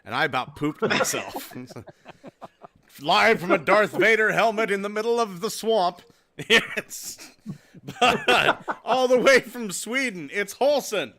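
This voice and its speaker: A man's voice: high-pitched, lively intonation, slow, sharp tone. A man hosting a casual podcast, laughing and swearing as he chats with guests. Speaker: podcast host. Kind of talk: casual chat.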